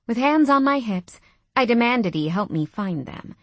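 A woman narrating a romance novel in the first person, intimate and steady. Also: fairly high pitch, moderate pace, dry recording. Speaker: audiobook narrator.

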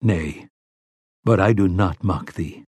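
A man's voice: sits low, slow pace, darkish tone, husky, dry recording, pitched below the performer's own voice, full character voice. A man voicing a stern, grim male gunslinger who speaks tersely in an old-fashioned, commanding way. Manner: terse, commanding, archaic speech.

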